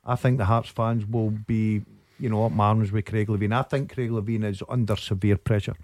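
A man's voice: on the low side, flat delivery, a little fast, a little mellow, no room sound. A man giving strong football opinions on a radio show. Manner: emphatic, opinionated. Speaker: football pundit. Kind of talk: casual sports radio chat.

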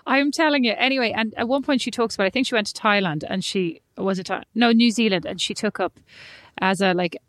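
A woman's voice: medium pitch, a little fast, few pauses, a bit bright, dry recording. A woman from Ireland co-hosting a casual podcast chat, talking in an emphatic, wry way. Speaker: podcast co-host. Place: home in the United States.

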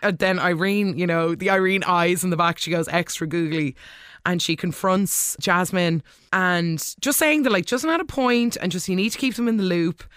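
A woman's voice: fairly low pitch, moderate pace, fairly bright tone, smooth, no room sound, clean studio sound. A woman hosting a casual episode recap in a chatty, gushing way, acting out the lines she quotes. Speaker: soap opera recap host.

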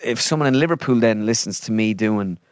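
A man's voice: on the low side, fairly quick, clean tone, dry recording, clean studio sound. Chatty young Irish man, laughing easily. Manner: chatty, self-mocking, laughs often, swears. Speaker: guest impressionist. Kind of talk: casual podcast chat.

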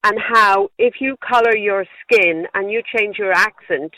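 A woman with a Wexford country accent speaks down a tinny phone line into a radio phone-in. Her voice is bright and forward, with a very dry close sound. She talks earnestly and with pride, and laughs lightly between phrases. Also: medium pitch, unhurried, no room sound. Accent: Wexford Irish. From Ireland. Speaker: caller.

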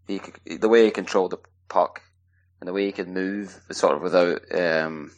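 Very deep-voiced man, relaxed. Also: normal speed. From Scotland. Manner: relaxed, rambling, lots of fillers. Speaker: guest ice hockey player. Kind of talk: casual podcast interview.

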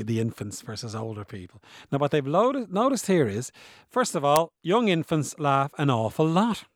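This science presenter has a medium-pitched voice and explains things in a casual, chatty style, often posing rhetorical questions to listeners and laughing as he demonstrates. The recording is dry, with faint music playing behind him.

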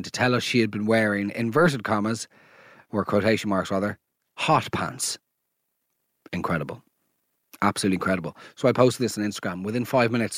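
A man's voice: lowish voice, dry recording, clean studio sound. A man hosting a comedy podcast, telling exasperated, sarcastic stories. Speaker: podcast host. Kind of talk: comedic rant monologue.

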